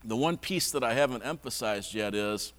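A man's voice: medium pitch, lively intonation, normal speed, fairly bright tone. A man preaching a conversational sermon in a church, often repeating words as he restarts. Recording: long hall reverb.

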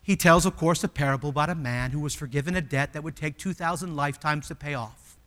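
A male pastor preaching a sermon, emphatic, swinging between loud exclamations and hushed, slowed asides. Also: a little high, long reverb tail.

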